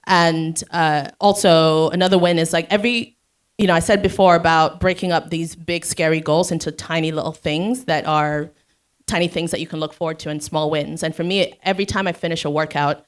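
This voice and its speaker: Chatty laughing woman, low voice. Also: fairly even intonation, a little fast. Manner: chatty, laughs often, self-mocking. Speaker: panel guest. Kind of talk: live Q&A panel talk.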